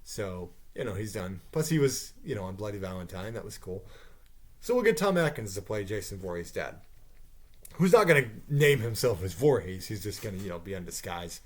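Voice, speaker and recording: Rambling low-voiced man pitching a film. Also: sing-song, brisk. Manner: rambling, full of asides and mild swearing. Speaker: YouTuber pitching a movie idea. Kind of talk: casual off-the-cuff monologue.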